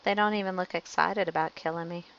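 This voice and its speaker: A woman's voice: lowish voice, fairly even intonation, fast talker, vocal fry, muffled recording, noisy background. A woman streaming a game, chatting casually with viewers and joking about her own play. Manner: chatty and self-mocking, greeting chat viewers. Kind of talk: casual gameplay commentary.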